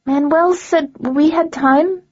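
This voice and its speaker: A desperate teenage girl on the verge of tears cries out in a high, strained voice, as a woman narrator puts her on. Her pleas sound small and frantic. The storybook recording is dull and muffled. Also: slow. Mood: weak. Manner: desperate, tearful protests. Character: frightened teenage changeling girl.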